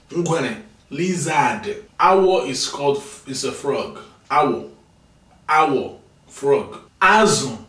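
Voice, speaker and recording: A tired man teaching vocabulary in a casual video lesson, repeating each word slowly for pronunciation and chatting between drills. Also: a little high, fairly bright tone, far from the mic. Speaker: language teacher. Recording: echoey room, mic set back.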